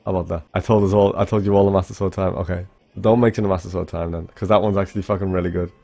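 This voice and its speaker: A man's voice: low-pitched, flat delivery, racing, vocal fry, mellow. A young man, a speedrunner, rambling casually to his livestream chat, swearing freely and answering viewers. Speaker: speedrunner streamer.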